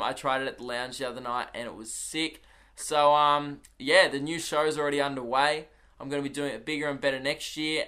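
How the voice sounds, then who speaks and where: A man's voice: medium pitch, pushed and bright. A young Australian man, a comedian, chatting casually on his solo podcast and telling rambling, swearing anecdotes in an Australian accent.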